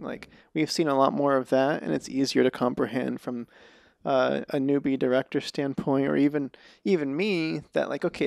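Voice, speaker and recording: Podcast host, male script supervisor; gravelly mid-range voice, thinks aloud in casual talk. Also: mid-range voice, no echo, clean studio sound. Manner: thoughtful, explains at length with restarts. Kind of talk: casual conversation.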